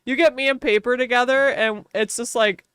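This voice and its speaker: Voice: medium pitch, steady tone, fairly quick, fairly bright tone, clear, resonant tone, no room sound, studio quality. A young adult game streamer with a strong Wisconsin Midwestern accent, chatting casually and playfully mocking their own way of talking.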